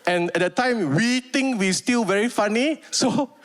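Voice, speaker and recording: A man's voice: very high voice, measured pace. A man from Malaysia with a Malaysian English accent, doing a stand-up comedy set and acting out scenes as he tells the story.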